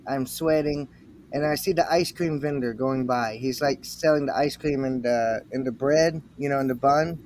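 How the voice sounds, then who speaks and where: An American man chatting casually, telling a story and acting out quotes in an animated way. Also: mid-range voice, normal speed, a little hiss or hum. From United States. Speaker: livestream guest. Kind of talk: casual chat.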